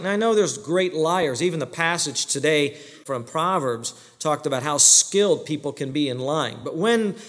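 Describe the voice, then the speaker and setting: A man preaching a sermon as the pastor, emphatic, throwing questions at the congregation and answering them himself. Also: a little high. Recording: long reverb of a large hall.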